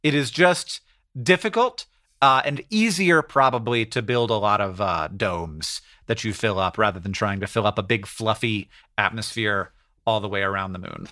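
A man co-hosting a podcast, explaining ideas casually and thinking out loud with frequent restarts. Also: lowish voice, moderate pace. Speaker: podcast co-host.

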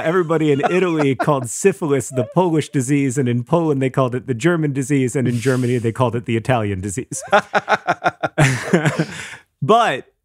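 Animated man co-hosting a podcast. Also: a little high. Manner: animated, reads listener mail aloud with laughs. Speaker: podcast co-host. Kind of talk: casual chat.

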